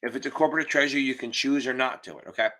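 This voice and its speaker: Bright-voiced, swearing exam tutor. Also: male voice, mid-range voice, rapid-fire. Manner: casual, profane, joking teacher. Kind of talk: live online Q&A lesson. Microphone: computer mic on a video call.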